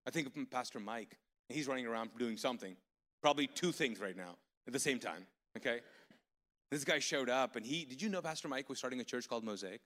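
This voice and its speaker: A man preaching a live sermon as pastor, telling stories in an animated way with sudden loud outbursts of excitement. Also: mid-range voice, fast. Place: large church auditorium. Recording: long hall reverb from live church service.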